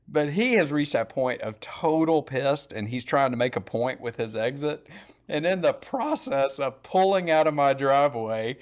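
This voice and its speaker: A middle-aged man telling animated, blunt and profane stories in casual podcast chat. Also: medium pitch, moderate pace.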